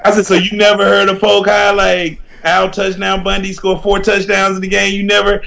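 A man co-hosting a podcast, telling animated, rambling stories full of slang and restarts. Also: high-pitched, moderate pace, vocal fry. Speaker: podcast co-host. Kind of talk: casual chat, storytelling.

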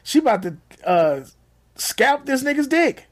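Male co-host, 30s, high and very lively delivery, loose comedic banter. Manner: animated, joking, quick rises into laughter. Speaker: podcast co-host. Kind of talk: casual crude banter.

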